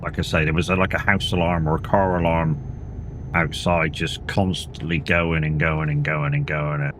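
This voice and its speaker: A man's voice: a bass voice, flat delivery, normal speed, fairly bright tone, slight background noise. A tired man streaming a game, chatting casually in a rambling way and swearing now and then. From England. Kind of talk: casual live-stream chat while playing.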